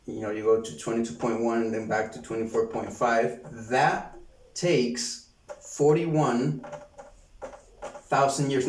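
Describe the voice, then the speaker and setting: A man giving an online lecture, halting often and repeating words as he gropes for the phrase. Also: mid-range voice, darkish tone. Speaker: course lecturer. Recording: roomy sound from a distance.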